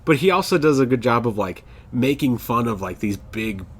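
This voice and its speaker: A young man co-hosting a casual podcast, talking animatedly about shows he loves and laughing loudly and often. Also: mid-range voice, lively intonation, moderate pace. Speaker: podcast co-host. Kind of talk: casual chat.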